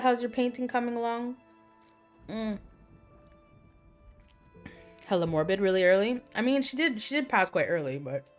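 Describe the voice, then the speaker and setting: Woman, streamer, crude rambling stories, faint background music. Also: medium pitch. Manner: candid, rambling storyteller with crude humor. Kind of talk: casual chat with live chat.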